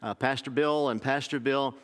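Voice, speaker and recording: Folksy pastor in a reverberant sanctuary. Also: male voice, medium pitch, fairly even intonation, normal speed, fairly bright tone. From Oklahoma, US. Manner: folksy storytelling, restarts. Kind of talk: sermon. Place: church sanctuary.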